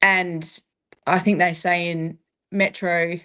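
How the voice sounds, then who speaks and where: A woman's voice: lowish voice, little pitch movement, slow pace, pushed and bright. An Australian woman in her thirties, a paramedic, talking reflectively in a casual interview and laughing often. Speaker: guest, paramedic.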